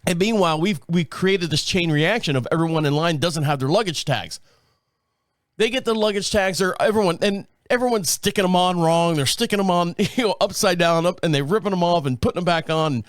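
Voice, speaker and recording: A podcast host with a high-pitched voice tells a casual story briskly, swearing a lot and laughing often. He's animated, and the studio-quality recording has no echo.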